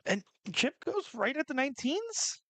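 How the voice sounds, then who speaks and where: A man commentating live darts, chatty and joking, with quick analytical asides. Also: extremely high pitch, big pitch swings, a bit bright, no room sound.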